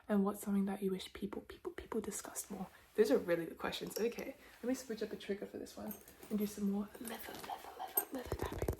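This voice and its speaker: A young Australian woman in her twenties, rambling through a whispered ASMR Q&A between soft spoken and whispered words, with lots of "like" fillers. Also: medium pitch, creaky, slight background noise. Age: 20s. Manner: rambling, chatty, many "like" fillers. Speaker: ASMR creator. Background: tapping clicks.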